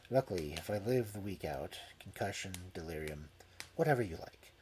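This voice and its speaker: Weak muttering detective, wounded, wry, scheming, low voice, warm tone, a man doing it. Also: huge pitch swings, normal speed, a little hiss or hum. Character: injured wry male detective, calm and scheming.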